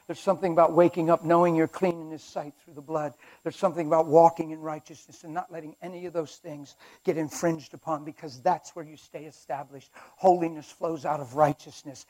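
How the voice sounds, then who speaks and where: A man preaching a sermon in an emphatic, animated manner, acting out little skits along the way. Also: on the high side.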